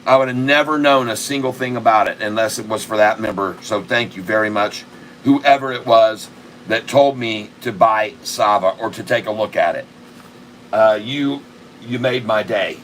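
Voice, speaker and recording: A man hosting a live day-trading stream, excitable and repetitive, cracking crude jokes and bursting out loudly. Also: on the low side, slight background noise. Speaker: day-trading livestream host.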